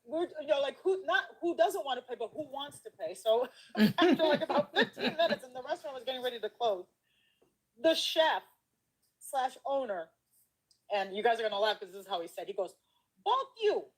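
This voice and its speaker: High-voiced woman telling a funny story. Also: expressive, a little fast, slightly rough, poor audio. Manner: laughing often, bantering, acts out quoted dialogue. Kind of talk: casual storytelling.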